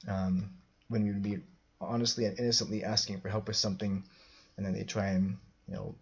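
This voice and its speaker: Gravelly, husky man. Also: lowish voice, highs cut off. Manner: rambling, full of restarts and fillers. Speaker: podcast host. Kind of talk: personal storytelling monologue.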